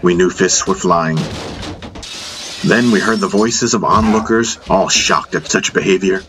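A man narrating a fantasy audiobook in the first person, in a measured storytelling manner. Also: deep voice, noisy background.

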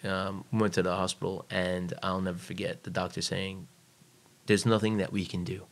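In a low, level voice at a moderate pace, an American former Navy man tells crude, forceful anecdotes on a podcast. He acts out the voices of the people he quotes.

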